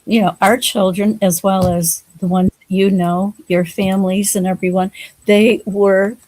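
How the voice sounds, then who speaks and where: A woman's voice: mid-range voice, level tone, measured pace, a little mellow, low-quality recording. Woman co-host telling a story. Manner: storytelling, hesitant with fillers. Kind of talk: casual chat.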